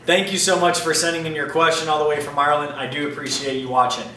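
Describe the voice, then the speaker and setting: A man's voice: on the high side, little pitch movement, fast talker, sharp tone, far from the mic. A man answering viewer questions in a casual, upbeat video chat about his aquarium. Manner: chatty, upbeat, loose and informal. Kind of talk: casual Q&A vlog. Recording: roomy echo, mic set back, faint ambient noise.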